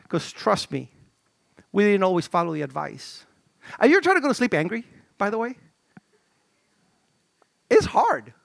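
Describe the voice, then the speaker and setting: A middle-aged male pastor preaching a sermon in an animated, conversational way, with stammered restarts and swings from shouts to low murmurs. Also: normal speed, creaky, pauses often, no echo.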